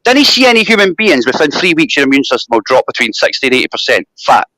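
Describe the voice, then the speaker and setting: A man's voice: medium pitch, big pitch swings, fast talker, sharp tone, dry recording, low-quality recording. A man arguing angrily on a live stream, repeating himself, swearing and talking over the others. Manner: angry, repetitive, swearing, talks over others. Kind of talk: heated argument on a live stream.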